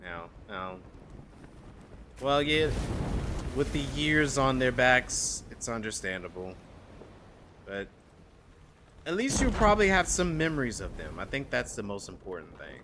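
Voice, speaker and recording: A man streaming a horror game, chatting casually with his viewers and reacting with quick laughs. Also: mid-range voice, sing-song, background noise. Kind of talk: casual gameplay commentary.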